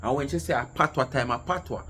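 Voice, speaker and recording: A man's voice: mid-range voice, quick pace, fairly bright tone, a little hiss or hum. A man giving a mocking commentary rant, mixing patois with English. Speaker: commentary vlogger.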